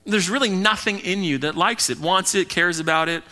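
A male pastor preaching an earnest, emphatic sermon, slipping into quick acted asides. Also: high voice, bright, forceful tone.

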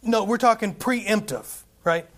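A man's voice: sits high, lively intonation, measured pace, fairly bright tone. A man preaching a sermon as a Baptist pastor, in a conversational way that keeps checking in with "right?".

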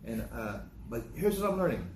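An older man preaching a sermon in a conversational, storytelling way, acting out dialogue with sudden jumps in pitch. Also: very animated, normal speed, noisy background. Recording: echoey room.

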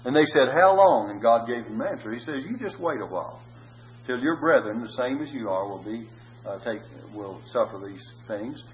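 A man's voice: medium pitch, lively intonation, moderate pace, lo-fi sound, slight background noise. A man preaching a sermon in an earnest way, rising into pleading cries.

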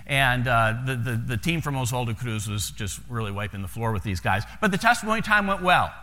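A man's voice: medium pitch, lively intonation, a little fast, sharp tone, long reverb tail. A missionary pastor with an American accent tells stories to a congregation in a folksy way, often repeating words as he starts a sentence. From United States. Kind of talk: sermon storytelling to a congregation.

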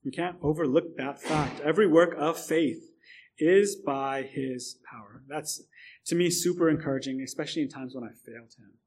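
A man preaching a sermon, his voice sitting a bit high. He talks earnestly, stumbling over restarts and repeated words. At times he builds up through long lists of phrases. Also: normal speed, a little mellow.

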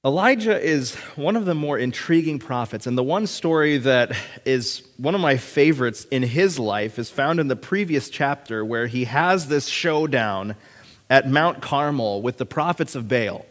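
A man's voice: mid-range voice, moderate pace. Preacher man in a reverberant hall. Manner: storytelling, animated when retelling scenes. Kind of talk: sermon with scripture reading.

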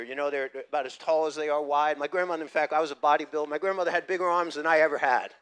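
A middle-aged man from the United States, a pastor telling a personal story in a sermon and building from quiet recollection to loud, emphatic preaching. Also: sits high.

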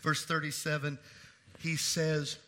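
High, piercing preaching man. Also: completely flat delivery, slow pace. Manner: emphatic preaching that swings between loud declarations and hushed low asides. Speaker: pastor. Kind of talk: sermon.

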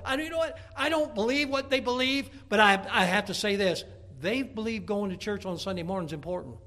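A middle-aged man, a Baptist pastor, preaching a folksy, emphatic sermon, often stumbling over repeated words and breaking into shouts. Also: high-pitched, vocal fry. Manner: repeats words when starting a thought.

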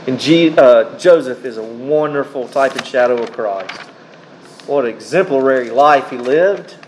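A male preacher gives a sermon, addressing his listeners as beloved and reading scripture aloud in short, deliberate phrases separated by pauses. His mid-range voice is a little mellow, and a faint air-conditioning hum runs under the low-quality recording.

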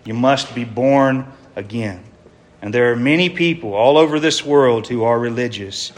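Earnest male preacher, emphatic sermon. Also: medium pitch. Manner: earnest, emphatic, rhetorical questions. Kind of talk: evangelistic sermon.

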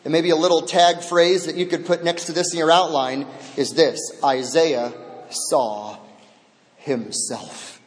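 A male pastor delivers a sermon at an unhurried, deliberate pace. His voice sits high and moves from ringing proclamation to hushed near-whisper. A long reverb from a large sanctuary trails every phrase. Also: steady tone. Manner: dramatic swings from loud proclamation to near-whisper. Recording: long echo of a large hall.

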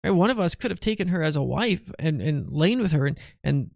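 A man's voice: on the high side, lively intonation, brisk, creaky, a little mellow, dry recording, clean studio sound. A tired, yawning man teaching a Bible study in a chatty way, often asking "right?" and restarting his phrases.

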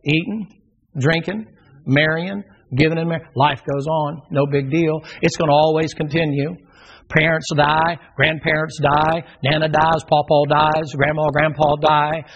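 A man's voice: on the high side, little pitch movement, unhurried, slightly rough. A middle-aged man, preaching a sermon in a folksy, emphatic way and repeating phrases for force. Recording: dull lo-fi sound.

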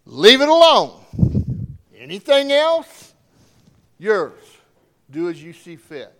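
Preacher guy doing god giving the command, high and slow, very emphatic. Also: sing-song, full character voice. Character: God commanding the first man, male.

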